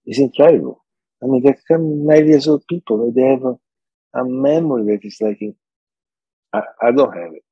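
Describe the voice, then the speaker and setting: A man's voice: mid-range voice, moderate pace, slightly rough, dry recording, highs cut off. An older man, an interview guest telling stories, laughing often and acting out quotes. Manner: animated storyteller, laughs often, acts out quotes. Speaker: interview guest, saxophone repairman. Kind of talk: casual interview chat.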